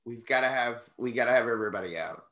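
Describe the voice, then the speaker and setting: A man's voice: medium pitch, fast. A man co-hosting a podcast, watching an old wrestling match and joking around in casual, profane chat. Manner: animated, profane, jokey riffing. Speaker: podcast co-host.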